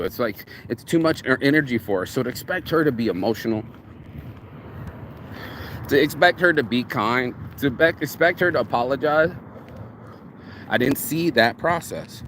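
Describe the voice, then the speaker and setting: A man's voice: medium pitch, lively intonation, normal speed, a bit bright, a little hiss or hum. Rambling, cursing man musing aloud. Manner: rambling, profane, self-reflective. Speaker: vlogger. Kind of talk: casual reflective monologue.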